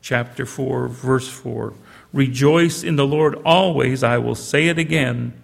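Old man, pastor, sermon, gravelly voice, measured scripture reading, long hall reverb. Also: mid-range voice. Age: older.

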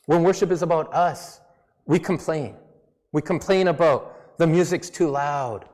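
A pastor preaches an easygoing, conversational sermon in English with a slight non-native accent, his voice a little high for a man and darkish in tone, at a measured pace. He's self-deprecating and does mock voices, while a long church-hall reverb trails behind his words.

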